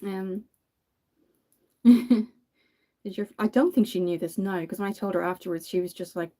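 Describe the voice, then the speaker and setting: Mellow-voiced Irish woman chatting. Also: medium pitch, normal speed. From Ireland. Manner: chatty storytelling, laughs often. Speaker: makeup vlogger. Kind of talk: casual chat while doing makeup.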